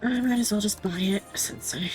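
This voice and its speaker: A woman's voice: medium pitch, moderate pace, darkish tone, poor audio. A woman talking casually while she plays on stream, her sentences rambling and restarting. Faint music runs in the background. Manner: rambling, with many fillers and restarts. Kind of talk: casual gaming chat.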